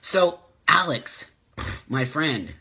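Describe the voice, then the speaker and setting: A man's voice: a little high, lively intonation, extremely slow, gravelly, pushed and bright, breathy edge. A middle-aged man hosting a live stream, speaking with passion and repeating himself for emphasis as he reads viewer comments. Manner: impassioned, emphatic repetition. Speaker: host.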